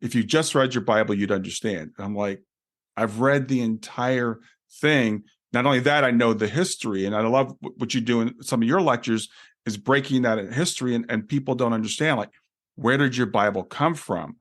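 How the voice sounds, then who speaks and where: A man's voice: mid-range voice, moderate pace. A man hosting an interview podcast, speaking earnestly and thinking aloud. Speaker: podcast host. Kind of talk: casual conversation.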